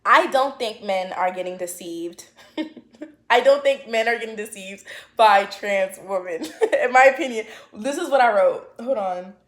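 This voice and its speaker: A woman's voice: medium pitch, unhurried, echoey room. A woman vlogger giving her opinions in a casual chat to camera, with lots of fillers and restarts.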